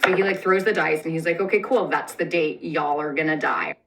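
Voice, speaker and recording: A woman's voice: sits low, a little fast, a bit bright, far from the mic, low-quality recording. A young woman retelling a story for comedy, sarcastic and profane, full of "like" fillers and snarky asides.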